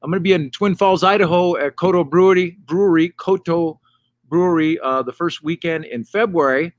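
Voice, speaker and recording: A middle-aged man delivering casual stand-up straight to a camera mic, wandering between bits and landing deadpan punchlines. His voice sits a bit high for a man and sounds dry, with no room echo. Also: fairly quick. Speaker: stand-up comedian, host. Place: hot tub.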